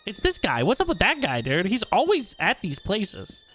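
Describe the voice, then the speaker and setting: A man streaming a video game live, talking to his chat with loud excited outbursts and lots of swearing. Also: high-pitched, normal speed, soft background music. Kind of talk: live gameplay commentary.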